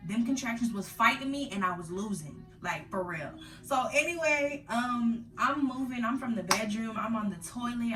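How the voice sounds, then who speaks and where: A young woman vlogger telling her story in casual slang, animated, acting out her own past cries. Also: medium pitch, reverberant, far from the mic, background noise.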